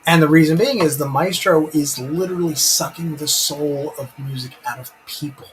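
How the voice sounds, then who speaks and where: A man's voice: on the high side, normal speed, slight background noise, low-quality recording. A man hosting a casual live stream, enthusiastic and rambling, breaking off to read out chat comments. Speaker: live-stream host reviewing a TV episode.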